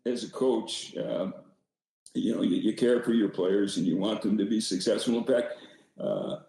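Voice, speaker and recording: An older man guesting on a podcast, easygoing and self-deprecating as he rambles through old stories. His voice is low and mellow. The sound is heavily echoey, like a remote call from a bare room. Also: expressive, moderate pace, creaky. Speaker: podcast guest, former hockey coach. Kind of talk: casual storytelling.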